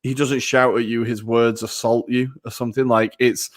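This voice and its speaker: A man's voice: medium pitch, flat delivery, normal speed. A man co-hosting a casual football podcast, chatty and self-mocking. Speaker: podcast co-host.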